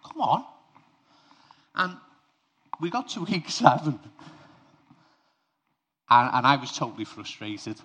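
A man's voice: medium pitch, big pitch swings, slow, pauses often, bright, forceful tone. Man preaching a chatty, personal sermon. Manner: conversational, direct to congregation, with personal anecdotes. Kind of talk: informal sermon.

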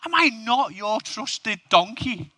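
Talking donkey, male, a man doing it up high, bright and sharp, defensive and pleading. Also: big pitch swings, slow pace, dry recording, exaggerated voice.

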